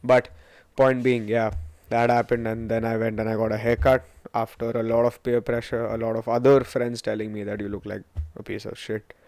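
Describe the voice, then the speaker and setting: A man in his twenties with an Indian English accent hosts his own podcast, rambling through stories with plenty of swearing and a self-mocking streak. His voice sits at a middle pitch. The recording is dry and close, with no room sound. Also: level tone, moderate pace, a little mellow, no room sound. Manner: rambling, profane, self-mocking storytelling with Hindi asides. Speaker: podcast host. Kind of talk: casual solo podcast monologue.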